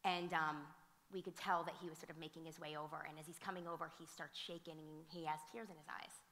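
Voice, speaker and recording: A woman's voice: low-pitched, fast talker. Woman telling stories in an echoing hall. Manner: animated, frequent fillers and restarts. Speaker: teacher and theater director speaking on a panel. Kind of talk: conversational storytelling at a conference. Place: museum auditorium. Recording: reverberant hall sound.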